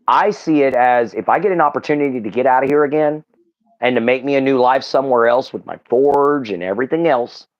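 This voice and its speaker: A man's voice: mid-range voice, lo-fi sound. A man with a Southern Texan accent, talking as a livestream guest in casual chat, earnest and rambling with fillers and restarts. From Southeast Texas.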